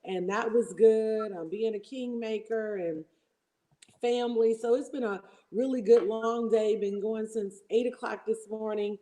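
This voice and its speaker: Mellow-voiced woman guest on a livestream. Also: on the high side, fairly even intonation, unhurried, low-quality recording. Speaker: guest co-host. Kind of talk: casual livestream chat.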